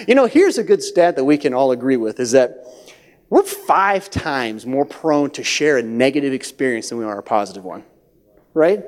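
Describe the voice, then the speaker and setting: A man preaching a sermon as pastor of a church, swinging from hushed near-whispers to loud, high-pitched acted-out voices. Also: very animated, normal speed. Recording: long hall reverb.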